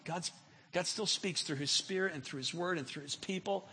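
Husky guy preaching, bright tense voice, gets fired up and stammers a lot. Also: high voice, normal speed. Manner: impassioned, rising to near-shouts when voicing prayers, with stammered repeats. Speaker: pastor. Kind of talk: sermon.

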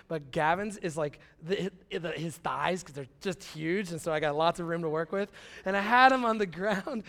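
A man, preaching a conversational sermon as pastor, swinging from quiet asides to excited bursts. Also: high voice, clear, resonant tone.

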